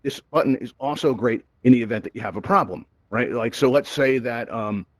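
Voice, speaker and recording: A man's voice: mid-range voice, fairly quick, no room sound, low-quality recording. A man hosting a live virtual-reality tutorial, chatty and upbeat, who keeps asking "right?" into a headset mic. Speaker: VR event host.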